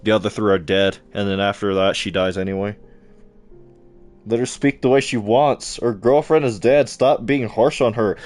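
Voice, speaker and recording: A man's voice: lowish voice, fairly even intonation, normal speed, a little mellow, no echo, faint music behind. A young man chatting casually to his live-stream audience while playing a game, stumbling over words as he talks.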